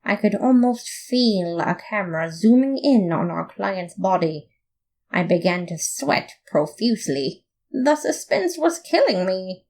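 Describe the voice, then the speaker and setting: A woman reading a comic fan story aloud in playful, expressive first-person narration. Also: mid-range voice, a little slow. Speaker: podfic reader.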